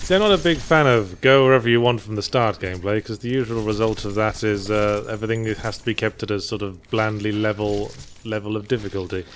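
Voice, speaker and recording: A man's voice: fairly low pitch, fairly quick, few pauses, slight background noise. A man co-hosting a casual gameplay chat, dry and sardonic with wry quips. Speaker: co-host.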